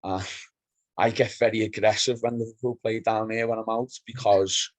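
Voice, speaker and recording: A man in casual football podcast chat, telling animated stories and acting out exchanges from the pub. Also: on the low side, normal speed, dry recording, rough recording. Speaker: podcast co-host.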